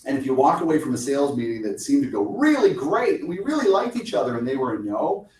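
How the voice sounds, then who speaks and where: A man's voice: medium pitch, sing-song, fast, darkish tone, slight background noise. A man giving a sales coaching talk to a small audience, speaking conversationally and acting out short client exchanges. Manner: conversational, acts out little client dialogues. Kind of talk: lunch talk presentation. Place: meeting room. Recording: echoey room, mic at a distance.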